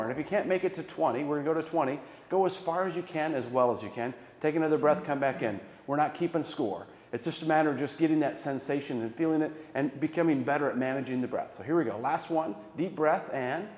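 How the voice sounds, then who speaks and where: A man leading a choir's warm-up, coaching posture and breathing. He encourages the singers and counts the exercises aloud. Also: a little high, fast, slight background noise. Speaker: choir director. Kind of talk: guided vocal warm-up instruction. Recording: echoey hall with long reverb.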